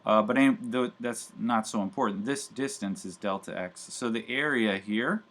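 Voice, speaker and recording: Casual low-voiced male math lecturer. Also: moderate pace, a bit bright. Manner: casual, chatty, many fillers and asides. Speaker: university math professor. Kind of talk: live classroom lecture.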